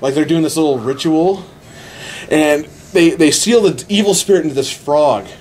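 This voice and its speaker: A man in casual podcast chat, retelling a movie plot excitedly with many restarts. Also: on the high side, moderate pace, a little hiss or hum. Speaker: podcast host.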